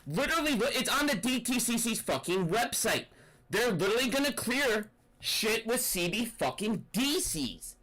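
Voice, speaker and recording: A man's voice: extremely high pitch, very animated, moderate pace, sharp tone, poor audio. A young man giving an angry, profane, rambling rant about finance. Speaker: finance commentator. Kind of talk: ranting commentary.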